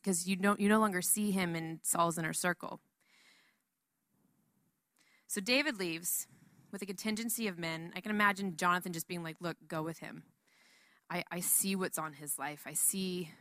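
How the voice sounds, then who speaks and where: A woman giving a casual Bible teaching in a chatty, animated way, full of asides. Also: lowish voice, no room sound, studio quality.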